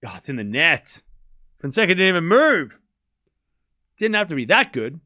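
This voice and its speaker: Bright-voiced man calling live tennis. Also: on the high side, very animated, normal speed. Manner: calls each shot in short bursts, then chats loosely with viewers and swears offhand. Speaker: host streaming a live tennis watchalong. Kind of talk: casual live play-by-play commentary with chat asides.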